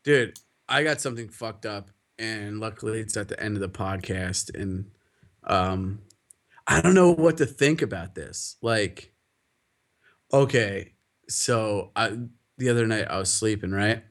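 A young man co-hosting a podcast, telling stories in a profane, animated way and laughing often. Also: lowish voice, unhurried. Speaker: podcast co-host. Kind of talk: casual chat.

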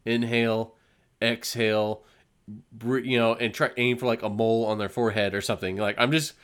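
A man's voice: medium pitch, level tone, brisk, smooth. A man co-hosting a casual chat, telling stories animatedly and laughing often.

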